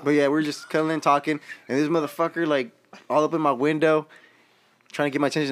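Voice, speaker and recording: A young man co-hosting a casual podcast, retelling a night out in a slangy, profane, animated way. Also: fairly high pitch, fast talker. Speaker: podcast co-host. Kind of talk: casual storytelling.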